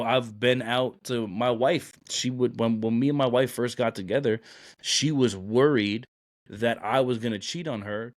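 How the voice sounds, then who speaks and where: A man's voice: medium pitch, dry recording, studio quality. A man, a podcast host telling stories in a blunt, rambling way. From Brooklyn, New York. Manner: blunt, rambling, many "like" and "you know". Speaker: podcast host, Marine recruiter. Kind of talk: casual storytelling chat.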